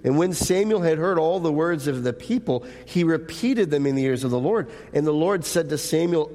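A man's voice: on the high side, animated, normal speed, hardly any pauses, dark tone. A male pastor preaches a sermon in an earnest way. He reads scripture aloud and poses rhetorical questions to the congregation. His voice rings out with a long hall reverb.

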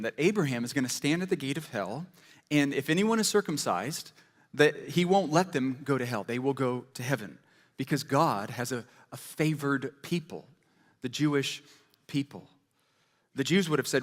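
A man's voice: mid-range voice, animated, moderate pace. A man preaching a sermon as pastor, explaining scripture in a conversational way with stories and questions to the congregation. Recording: long hall reverb.

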